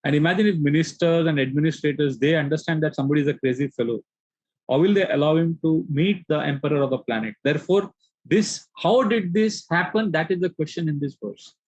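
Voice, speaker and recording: A man's voice: on the high side, fast talker, dry recording, dull audio. A man giving a scripture discourse, telling a personal story and acting out the voices in it. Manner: animated storytelling, acts out quoted voices. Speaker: spiritual teacher.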